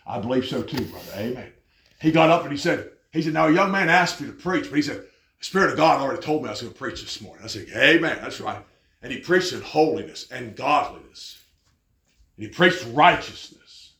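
Fervent preacher man, echoey hall. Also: mid-range voice. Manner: fervent, storytelling, rising to loud exclamations. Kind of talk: sermon.

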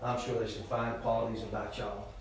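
Folksy preacher in an echoey church. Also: male voice, fairly low pitch, little pitch movement, brisk, crowd noise. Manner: folksy, swings from loud exclamations to soft asides. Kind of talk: sermon.

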